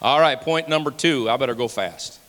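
A man's voice: mid-range voice, normal speed, fairly bright tone. A pastor in his forties preaching a sermon with passion, repeating phrases for emphasis. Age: 40s. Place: church sanctuary. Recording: long hall reverb.

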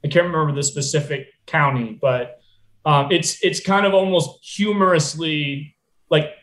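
A man's voice: fairly high pitch, normal speed, fairly bright tone, reverberant. An American man chatting casually about a film, loose and full of fillers and asides. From United States.

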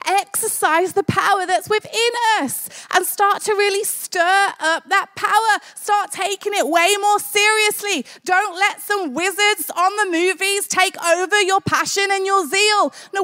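Very high-voiced woman preacher. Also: unhurried, hardly any pauses, pushed and bright, some chatter behind. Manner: conversational and jokey, building to fervent exclamations. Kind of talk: sermon. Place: church.

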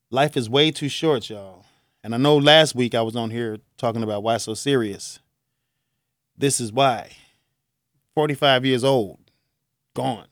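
A man's voice: medium pitch, no room sound, studio quality. A middle-aged man from Chicago, a radio host delivering an earnest, grieving talk-show monologue that rambles with restarts. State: choked up.

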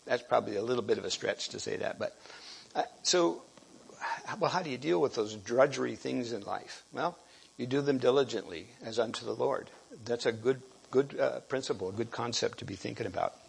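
A man giving a sermon, halting and restarting often and clearing his throat. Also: medium pitch, a little hiss or hum. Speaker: preacher.

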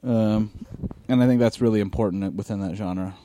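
A man in casual chat, telling an animated story and swearing freely. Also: on the low side, normal speed, a little hiss or hum.

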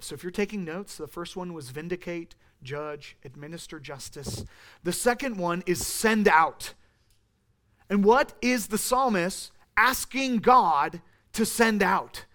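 High-voiced man preaching earnestly. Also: a bit bright. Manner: earnest preaching, voice rising when voicing the psalmist's pleas. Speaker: pastor. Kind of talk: sermon. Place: church sanctuary.

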